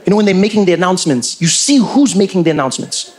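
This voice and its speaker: A man doing stand-up comedy storytelling, animated and playful, slipping into quick impressions. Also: high voice.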